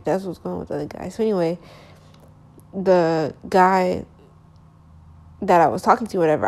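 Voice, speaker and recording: A woman's voice: lowish voice, warm tone. A young woman casually telling a long personal story, rambling with lots of fillers and slang, correcting herself as she goes, sleepy and yawning.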